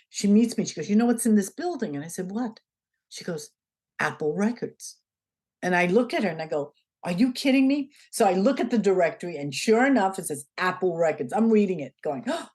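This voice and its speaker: Woman telling a lively story. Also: on the low side. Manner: animated, acts out the dialogue in her stories. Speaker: interview guest. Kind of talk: conversational storytelling.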